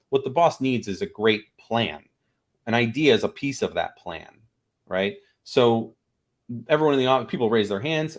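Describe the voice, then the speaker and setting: A man in a casual interview, teaching improv through stories. He slips into quick character voices and lets his pitch swing up and down as he explains. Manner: animated, acts out little voices in his stories.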